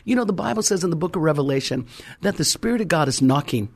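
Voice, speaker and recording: A man's voice: on the high side, lively intonation, fast talker, gravelly, a little hiss or hum. A man preaching a fervent sermon, emphatic and calling out to his congregation.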